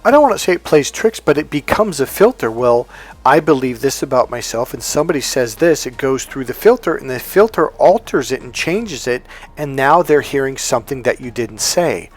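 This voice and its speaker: A man's voice: medium pitch, moderate pace, soft background music. A man coaching on relationships in a casual talk, acting out both sides of conversations and often restarting his sentences. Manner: animated, acts out both sides of dialogues; frequent restarts and self-corrections. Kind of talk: casual teaching monologue.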